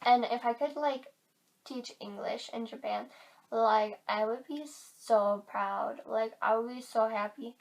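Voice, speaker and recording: A woman's voice: a little high, steady tone, measured pace, gravelly. A teenage girl vlogging to camera in casual chat, chatty and giggly, filling her talk with "like", a bit tired.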